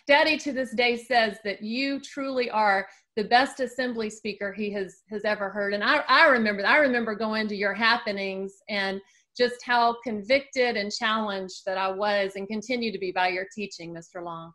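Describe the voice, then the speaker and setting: A woman's voice: mid-range voice, normal speed, bright, forceful tone. A woman, interviewing a guest in a polite, respectful way. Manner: polite and deferential, says sir. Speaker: interviewer, host.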